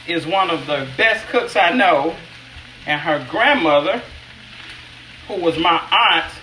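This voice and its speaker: Chatty middle-aged woman cook, livestreaming from an echoey home kitchen with a hissing pan behind her. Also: on the low side. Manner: chatty, talks to viewers by name, self-teasing. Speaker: chef hosting a home cooking stream. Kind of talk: live-streamed cooking demo, casual chat. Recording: echoey kitchen with loud sizzling. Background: sizzling skillet.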